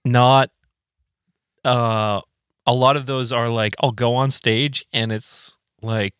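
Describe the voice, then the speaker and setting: A man co-hosting a casual podcast chat, telling animated stories and acting out quoted voices with plenty of swearing. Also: mid-range voice, slow, smooth, no room sound, studio quality. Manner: animated storyteller who acts out quotes with lots of swearing. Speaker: band member and podcast co-host.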